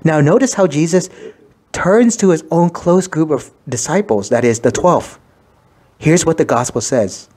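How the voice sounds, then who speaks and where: Priest giving a measured sermon. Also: male voice, on the high side, lively intonation, darkish tone, husky. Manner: measured, explanatory, quotes scripture aloud. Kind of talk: sermon reflection.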